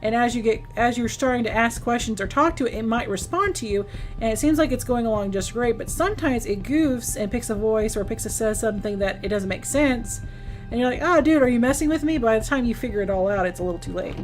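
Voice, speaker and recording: A woman's voice: a little high, brisk, soft background music. A woman streaming a game and chatting casually, rambling with restarts and acting out quoted lines. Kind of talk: casual live-stream chat while gaming.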